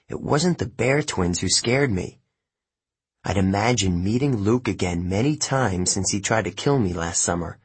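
A man reading a first-person novel aloud as an audiobook narrator, measured and steady. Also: on the low side, slightly rough.

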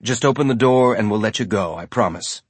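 A man's voice: on the low side, brisk, slightly rough, dry recording. A man voicing a decisive male ship captain who speaks urgently and directly.

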